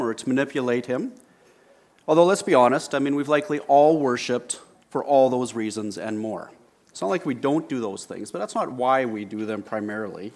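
A man preaching a sermon in a church, with emphatic, unhurried delivery and deliberate pauses. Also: medium pitch. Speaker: pastor. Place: church sanctuary.

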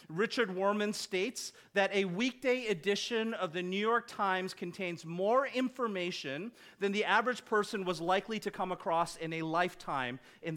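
A man's voice: high-pitched, a bit bright. Male pastor, conversational sermon. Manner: conversational, asks the congregation questions, light humor. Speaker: lead pastor. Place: church hall with congregation.

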